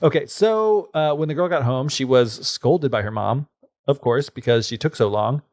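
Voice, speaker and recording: A man's voice: medium pitch, normal speed, a little mellow, no echo, studio quality. A man co-hosting a podcast who retells a fairy tale in a loose, chatty way with lots of fillers. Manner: loose and chatty, with many fillers, putting on voices for the characters. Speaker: podcast co-host.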